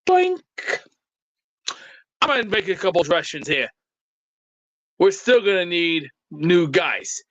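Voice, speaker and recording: A man's voice: high voice, sing-song, measured pace, long pauses, a bit bright, no room sound, muffled recording. A man doing a brash mock tough-guy rant, trash-talking and insulting commenters.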